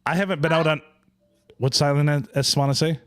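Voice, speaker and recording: A man's voice: fairly high pitch, fairly even intonation, a little fast. A man hosting a casual remote podcast, joking and laughing often with his co-hosts. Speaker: podcast host. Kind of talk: casual podcast chat over remote call.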